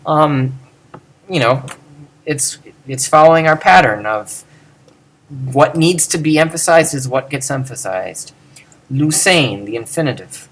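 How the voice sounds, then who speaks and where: A man's voice: mid-range voice, expressive, a little slow, a bit bright. A man teaching a lecture on Greek pronunciation from his computer at home, thinking aloud with many fillers and restarts.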